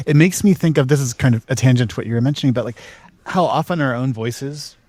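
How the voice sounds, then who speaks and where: A man's voice: medium pitch, fast, darkish tone, dry recording. A man from New Jersey co-hosting a podcast, chatting casually in a rambling way with many fillers. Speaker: podcast co-host. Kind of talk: casual chat.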